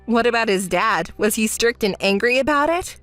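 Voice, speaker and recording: Woman narrator for a texting story, calm and scolding, lively pitch, dry close sound. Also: moderate pace, dry recording, faint music behind. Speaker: narrator and friend.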